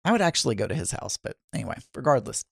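A man's voice: mid-range voice, very animated, very fast, vocal fry, breathy edge, dry recording. Chatty man hosting a solo podcast. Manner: chatty, rambling, self-deprecating asides. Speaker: podcast host. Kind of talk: casual daily monologue podcast.

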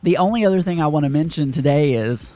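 A man's voice: fairly high pitch, fast, dark tone, faint music behind. A man hosting a personal podcast, talking through his worries in a hesitant, self-deprecating ramble. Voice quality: hesitant, full of fillers and restarts. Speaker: podcast host.

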